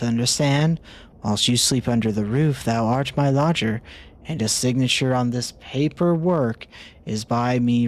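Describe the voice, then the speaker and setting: A man's voice: mid-range voice, natural voice. A man voicing an old-timey man who speaks in stiff, pompous, archaic English in a game.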